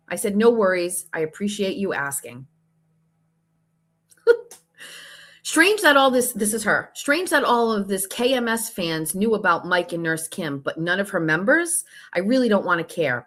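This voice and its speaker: A woman's voice: medium pitch, fairly bright tone. Exasperated woman host recounting drama. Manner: gossipy, exasperated storytelling with swearing. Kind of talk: casual chat, reading out messages.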